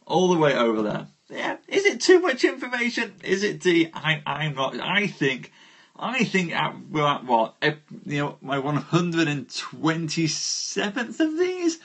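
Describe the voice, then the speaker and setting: A man's voice: on the high side, unhurried. A man hosting a live storytelling stream, chatting and jokily greeting viewers by name before he reads. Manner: warm, jokey, greets viewers by name with lively rises. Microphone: phone livestream.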